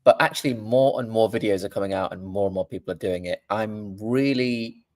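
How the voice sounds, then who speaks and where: A man co-hosting a live Q&A, speaking in a plain, earnest way. His voice sits fairly low. The recording is dry, as over a video call. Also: fast talker, a little mellow, no echo. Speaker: co-host. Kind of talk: live Q&A chat.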